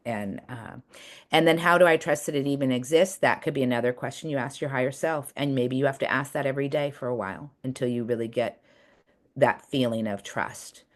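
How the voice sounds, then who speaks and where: A woman's voice: a bass voice, fairly quick. Chatty woman coach teaching over a video call. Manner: chatty, earnest, many fillers and restarts. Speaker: coach and webinar presenter. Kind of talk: casual teaching talk.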